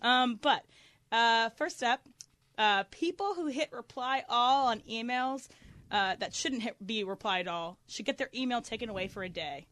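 A woman who produces a sports radio show, playful and quick to defend herself in casual banter. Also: a little high, fairly bright tone, dry recording.

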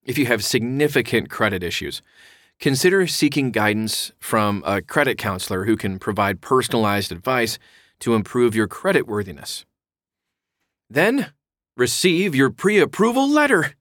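Male explainer voice, mid pitch, clear and instructive with casual asides, close and dry sound. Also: very animated, normal speed, a bit bright, dry recording. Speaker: mortgage explainer. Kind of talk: reading an explainer aloud.

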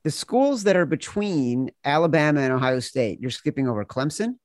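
A male podcast host with a fairly high voice teases his guest and runs the show in a brisk, chatty way. The sound is dry and close, with no room echo. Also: lively intonation. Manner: teasing, brisk wrap-up. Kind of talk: casual podcast chat.

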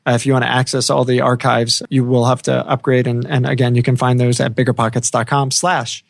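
A man's voice: mid-range voice, little pitch movement, brisk, vocal fry, dry recording. A man co-hosting a podcast in easygoing casual chat, with lots of fillers and restarts. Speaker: podcast co-host.

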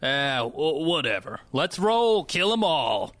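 A man's voice: fairly high pitch, big pitch swings, slow, fairly bright tone, no echo, full character voice. A man playing a callous, flippant villain leader in a comedy sketch. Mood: bored. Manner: flippant, bored cruelty. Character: callous ruthless male villain leader, middle-aged.

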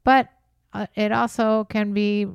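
A woman's voice: mid-range voice, flat delivery, unhurried, gravelly, clear, resonant tone, no room sound, studio quality. A woman in her sixties co-hosting a casual podcast, chatty and enthusiastic, rambling through her stories. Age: 60s. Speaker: podcast co-host.

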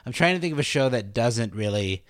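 A man's voice: medium pitch, expressive, a little fast, no echo. A man co-hosting a podcast in casual chat, retelling TV scenes with quoted lines. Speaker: podcast co-host.

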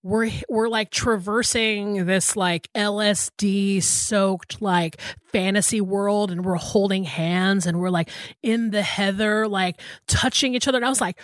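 Woman, 30s, podcast co-host; casual storyteller, salty, mid pitch, dry close sound. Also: fairly even intonation, unhurried, no room sound. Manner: chatty, swearing, storytelling with lots of "like". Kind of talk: casual chat.

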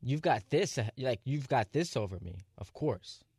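A man co-hosts a sports radio show in an even, mid-pitched voice, close to the mic in a dry studio. He teases and needles the host in easy, casual banter. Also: normal speed, breathy edge, no echo. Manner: teasing, ribbing the host. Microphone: studio microphone.

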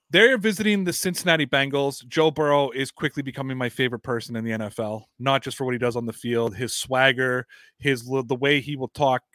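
A man's voice: medium pitch, fairly even intonation, fairly quick, fairly bright tone, no room sound. A man co-hosting a casual sports chat, joking and swearing as he gives his picks. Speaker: co-host.

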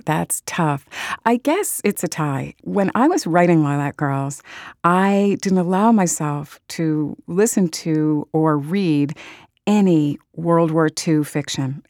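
Low-voiced woman in her middle years, earnest author answering questions, dry close mic. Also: darkish tone, no echo. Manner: earnest and enthusiastic, emotional about audiobooks.

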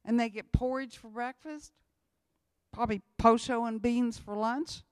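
Woman, missionary testimony, repeats herself for emphasis, higher voice, dry close sound. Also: steady tone, measured pace, clean tone, dry recording. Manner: repetitive, emphatic storytelling. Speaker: missionary speaker. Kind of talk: church testimony talk.

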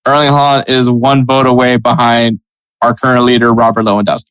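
A man's voice: mid-range voice, flat delivery, a little fast, fairly bright tone, clear, resonant tone, no echo, poor audio. A man co-hosting a casual soccer podcast, chatting with frequent laughs and reading sponsor spots. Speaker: podcast co-host.

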